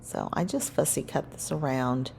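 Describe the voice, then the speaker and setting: A woman's voice: rumbling low, normal speed, vocal fry, slight background noise. A woman narrating her scrapbook crafting in a casual voice-over, rambling and correcting herself as she goes. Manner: rambling, self-correcting, relaxed.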